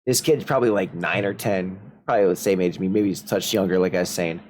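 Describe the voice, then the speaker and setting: A man's voice: deep voice, fast talker. A man from the Upper Midwest, hosting a stream in casual chat and telling rambling, joking stories. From Upper Midwest United States. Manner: rambling storyteller, animated and joking. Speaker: streamer host.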